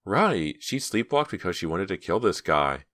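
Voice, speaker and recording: A man's voice: low voice, very animated, moderate pace, fairly bright tone, dry recording, studio quality, pitched above the performer's own voice, exaggerated voice. A man voicing a playful, nosy teenage girl in an audiobook, in a raised, chatty voice. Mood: teasing.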